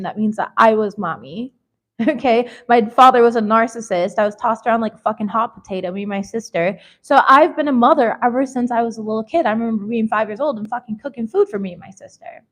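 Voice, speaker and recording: A woman in her thirties giving a casual tarot reading, candid and emphatic, swearing freely and calling her viewers baby. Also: on the high side. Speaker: tarot reader.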